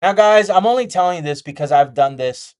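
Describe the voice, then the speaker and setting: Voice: mid-range voice, expressive, brisk, smooth. A day trading vlogger talking candidly and casually, repeating key points and making jokey asides while sketching a chart.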